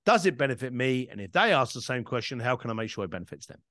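Animated man, dry close sound. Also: mid-range voice, fast talker, dry recording. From East London, England. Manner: animated, emphatic, casual swearing. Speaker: podcast guest, entrepreneur and speaker. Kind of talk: conversational interview storytelling.

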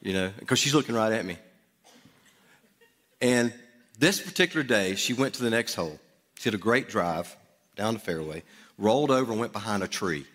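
A man's voice: lowish voice, animated, moderate pace, pauses often, a bit bright. A middle-aged man preaching in a church, telling a personal story conversationally with asides to the congregation. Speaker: pastor. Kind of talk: storytelling sermon. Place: church sanctuary. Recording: long hall reverb.

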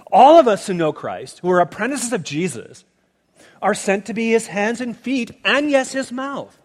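Man preaching, explaining scripture with emphatic asides, very lively pitch, echoing hall. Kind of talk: sermon. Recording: long reverb of a large hall.

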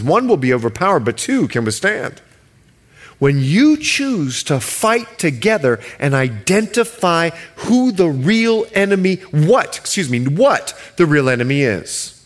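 A male pastor from the Bahamas preaching a sermon. He stretches key words slowly for emphasis and jokes with the congregation. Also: on the high side.

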